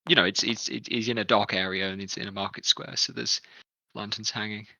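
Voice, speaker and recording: A man's voice: lowish voice, fairly even intonation, a little fast, vocal fry, pushed and bright, dry recording. A man, narrating a tabletop game as game master in an easygoing, chatty way with small stumbles.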